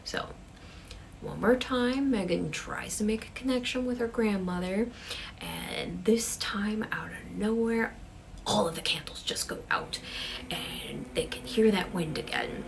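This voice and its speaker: Gravelly-voiced woman storyteller, casual, slips into whispers for suspense. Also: mid-range voice, measured pace, slight background noise. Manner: drops to a whisper for suspense, chatty fillers. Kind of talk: casual ghost-story telling.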